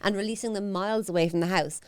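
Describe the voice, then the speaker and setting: Fast-talking Irish woman telling stories. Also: mid-range voice, steady tone, a loud crowd. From Ireland. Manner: fast storytelling, swears, acts out quotes. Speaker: podcast co-host. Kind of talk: casual comedic chat.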